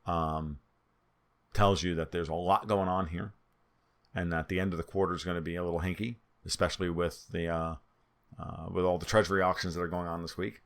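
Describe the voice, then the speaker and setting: Man, new york accent, nasal, low pitch, twitchy market commentary. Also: level tone, fairly quick. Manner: twitchy, spitballing, restarts often. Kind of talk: solo market analysis over charts.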